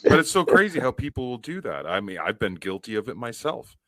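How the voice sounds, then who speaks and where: A man's voice: medium pitch, very animated, a little fast, crowd noise. A man hosting a podcast, chatting casually with laughs and self-deprecating digressions. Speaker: podcast host. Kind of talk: casual conversational interview.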